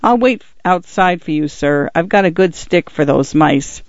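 A man's voice: fairly high pitch, expressive, a little slow, dry recording, muffled recording. A man voicing a polite, eager young farm boy in a storybook reading. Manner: polite, says sir.

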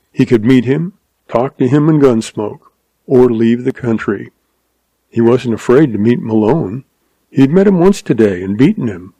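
Guy narrating a western, slow and gravelly, husky dark tone, dry sound. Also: medium pitch, dry recording. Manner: measured, unhurried.

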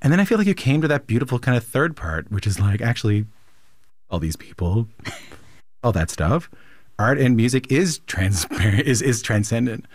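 A man's voice: mid-range voice, very animated, normal speed, no echo, clean studio sound. A man hosting an interview, reflecting aloud and often restarting his sentences. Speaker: interviewer, host. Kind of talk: conversational interview.

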